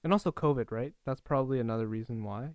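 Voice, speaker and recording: A man co-hosting a podcast in casual chat, adding quick, joking remarks. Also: mid-range voice, a little mellow, clean tone, no echo, studio quality.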